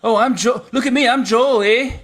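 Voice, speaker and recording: A man voicing a boastful, self-satisfied Canadian man in a mocking, sing-song impression with drawn-out "eh"s. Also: extremely high pitch, a bit bright, soft background music, pitched above the performer's own voice.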